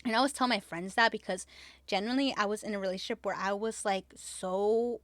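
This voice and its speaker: A woman's voice: medium pitch, fairly even intonation, fairly quick, fairly bright tone, dry recording. A woman hosting a podcast in casual chat, talking emphatically with lots of "like", repeating herself and swearing freely. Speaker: podcast host.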